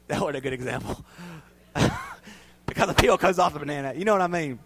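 A man's voice: a little high, huge pitch swings, takes it slowly, pauses often, fairly bright tone, slight background noise. A male pastor preaching a sermon in a folksy, storytelling way, often laughing at himself.

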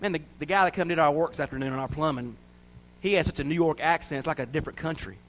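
A man from the American South preaching a sermon, swinging from loud, high-pitched exhortation to hushed intensity. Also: rapid-fire. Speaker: pastor.

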